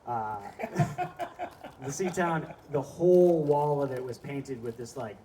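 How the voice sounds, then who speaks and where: A man's voice: mid-range voice, takes it slowly, mellow. Rambling, profane male stand-up comic. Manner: rambling, profane storytelling with asides. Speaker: stand-up comedian. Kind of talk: live stand-up set. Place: small live comedy venue with audience. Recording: distant mic with faint background noise.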